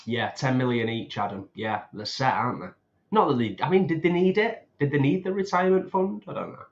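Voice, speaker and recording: A man's voice: medium pitch, animated, a little fast, dull audio. A man co-hosting a casual livestream, reading out viewer comments and chatting, with laughs along the way. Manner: chatty, laughs often, reads comments aloud. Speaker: co-host reading chat.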